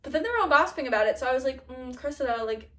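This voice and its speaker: A young woman vlogger chatting casually and gushing about a show, with lots of fillers and quick laughs. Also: high voice, expressive, sharp tone, far from the mic. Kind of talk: casual chat.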